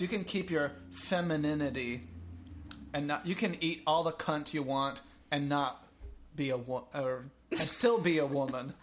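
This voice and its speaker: A man with a fairly high voice riffs on news stories as a talk show co-host. He is crude and sarcastic, and he giggles often. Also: slight background noise. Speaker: podcast co-host. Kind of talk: irreverent casual news chat.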